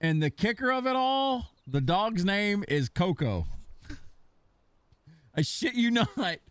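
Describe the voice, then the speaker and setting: A man's voice: sits high, very animated, slow pace, a bit bright, clear, resonant tone, dry recording. A young man streaming a game, casually telling rambling, profane stories about his dog. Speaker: gaming streamer. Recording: faint music behind.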